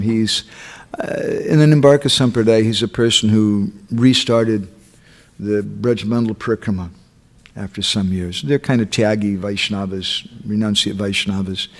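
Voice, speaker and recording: A man giving a sermon, telling stories and checking in with his listeners. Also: fairly low pitch. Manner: acts out quotes, checks in with listeners. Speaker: speaker at a temple. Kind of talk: storytelling sermon.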